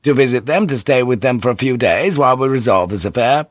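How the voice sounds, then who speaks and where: A man's voice: medium pitch, fast, no echo, dull audio, pitched above the performer's own voice, close to an everyday voice. A man voicing a stern, commanding older feudal lord who speaks with stiff formality.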